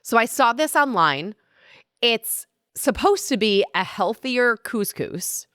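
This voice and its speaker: A woman's voice: fairly high pitch, lively intonation, takes it slowly, a bit bright, no room sound, studio quality. A woman hosting a wellness podcast, closing an interview and signing off in an upbeat, friendly way. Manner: upbeat, friendly wrap-up patter. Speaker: podcast host.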